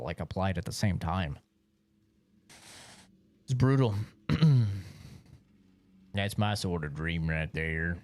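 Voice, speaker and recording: A young man streaming live, telling a story in a rambling, swear-heavy way with a mid-pitched voice that swings widely up and down. His words stay padded with "like" and "bro", and the sound is dry and close with no room echo. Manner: rambling, profane, lots of filler like "like" and "bro". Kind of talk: casual livestream storytelling.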